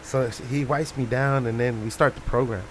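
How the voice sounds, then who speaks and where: A man chatting on a radio show, telling an animated story, acting out the people in it and dropping in Spanish phrases. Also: medium pitch, normal speed, background noise. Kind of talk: casual storytelling chat. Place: radio studio.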